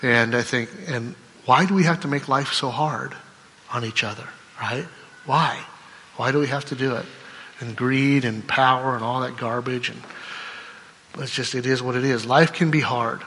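A middle-aged man, a pastor, giving a conversational sermon full of rhetorical questions and tag questions, sometimes breaking into excited storytelling. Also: mid-range voice, moderate pace, big-room sound.

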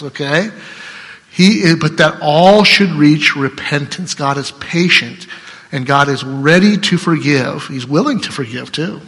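A man's voice: a little high, pushed and bright. Conversational preacher man in a reverberant church. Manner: conversational, asks the congregation for agreement, laughs often. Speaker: pastor. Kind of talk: sermon. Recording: long reverb of a church hall.

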